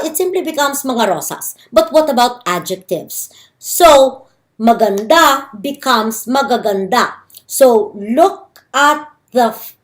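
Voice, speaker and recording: A woman with a Filipino accent giving a recorded language lecture, explaining grammar slowly and carefully with repeated examples. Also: fairly high pitch. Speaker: language teacher.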